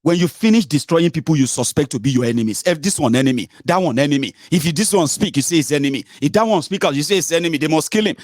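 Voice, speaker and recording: Scornful Nigerian man ranting, pitch swinging. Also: lively intonation, quick pace, few pauses, no echo, studio quality. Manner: scornful, switches between English, Yoruba and pidgin; swings from low grumbling to loud high outbursts. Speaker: political commentator. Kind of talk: ranting political commentary.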